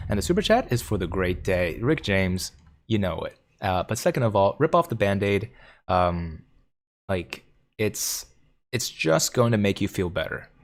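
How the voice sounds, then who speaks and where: Guy with a lowish voice doing a jokey livestream, reading chat and answering questions. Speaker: stock market livestream host.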